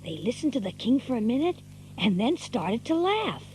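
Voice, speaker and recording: A woman's voice: fairly high pitch, very animated, normal speed, darkish tone, a little hiss or hum, low-quality recording. A woman voicing a scrappy teenage country boy with a rural Southern US dialect, narrating and acting in a radio play. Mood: wry. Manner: folksy, drawling storyteller.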